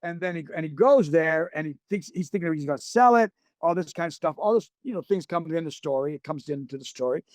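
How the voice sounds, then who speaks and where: A man's voice: on the high side, expressive, quick pace, hardly any pauses, no room sound. A man, a guest on a podcast, telling a long anecdote in a rambling way, with many restarts and acted-out quotes. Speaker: series creator guest. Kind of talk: podcast storytelling.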